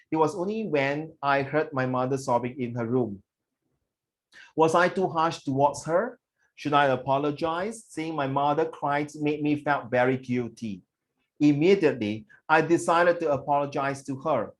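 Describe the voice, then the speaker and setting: Guy teaching class, reads an essay out w/ big dramatic voices, kinda high-pitched. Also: rough recording. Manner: code-switches, dramatic reading with acted voices. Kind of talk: classroom lesson, reading a student essay aloud.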